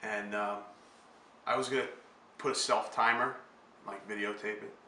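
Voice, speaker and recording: A man's voice: lowish voice, fairly even intonation, normal speed, pushed and bright, a little hiss or hum. A man telling a story in a hesitant, self-deprecating way. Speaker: interviewee. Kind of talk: casual storytelling. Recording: roomy and distant from the mic.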